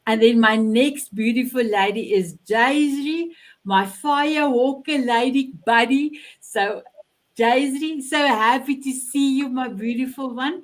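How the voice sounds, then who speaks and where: A middle-aged host from South Africa, her voice on the high side, runs a live online show over a video call. She's effusive and keeps repeating herself and restarting.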